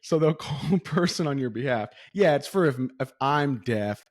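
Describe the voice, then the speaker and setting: Animated man telling stories, dry room. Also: fairly high pitch, moderate pace, dry recording. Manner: animated storyteller, acts out voices. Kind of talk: casual podcast chat.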